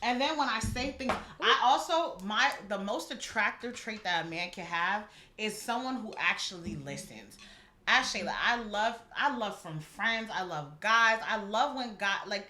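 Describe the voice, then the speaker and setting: A young woman chatting casually with a friend, telling a dating story in a heated, animated way. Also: medium pitch, reverberant. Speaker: guest, host's friend. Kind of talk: casual chat.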